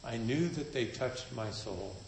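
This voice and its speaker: A man's voice: medium pitch, measured pace, vocal fry, a little hiss or hum. A man preaching a sermon in a conversational, storytelling manner with wry humor. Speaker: pastor. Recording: echoey room.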